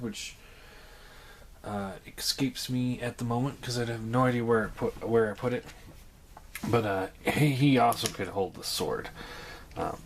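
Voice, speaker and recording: Low-voiced man, hesitant toy review vlog. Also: noisy background. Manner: hesitant, many ums and uhs, relaxed.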